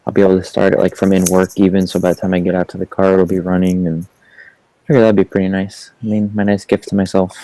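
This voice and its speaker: A man's voice: low-pitched, flat delivery, quick pace, dark tone, rough recording. A man in casual chat, easygoing and agreeable, often murmuring along. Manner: easygoing, agreeable, frequent backchannels.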